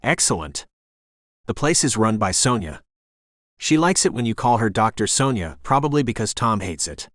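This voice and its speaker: A man's voice: lowish voice, sing-song, moderate pace, fairly bright tone, dry recording, studio quality. A man voicing a friendly small-town shopkeeper who talks in a cheerful, gossipy way.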